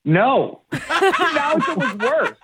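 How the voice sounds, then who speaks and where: A man calling in to a radio show, telling a story in an animated, exasperated way. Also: very high-pitched, slow pace, heavy background noise. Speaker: caller. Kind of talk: radio call-in chat. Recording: tinny phone line, crowd behind.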